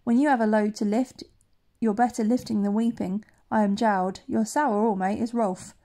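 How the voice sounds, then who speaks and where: A hulking slave oarsman speaks calmly with a dry, steady wisdom, read by a woman. The tone is mellow and soft. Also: a little high, moderate pace, lightly acted. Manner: calm, dryly wise. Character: big calm southern slave oarsman.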